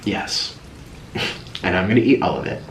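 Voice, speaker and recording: A young man chatting casually while eating, in a food vlog, excitable and chatty between slurps. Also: deep voice, normal speed. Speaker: food vlogger. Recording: echoey room with faint hiss.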